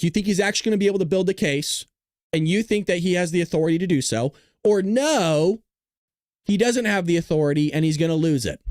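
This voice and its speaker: A man's voice: high-pitched, a little mellow, dry recording, clean studio sound. A man hosting a live political commentary stream, talking casually to his chat, jokey and profane. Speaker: livestream political commentary host.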